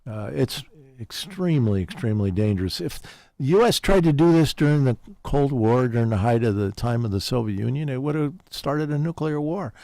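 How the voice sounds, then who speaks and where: A man's voice: mid-range voice, expressive, moderate pace, mellow, dry recording. A man giving an interview, talking urgently, with emphatic repetitions and frequent fillers. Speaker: interview guest, peace activist. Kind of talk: earnest conversational interview.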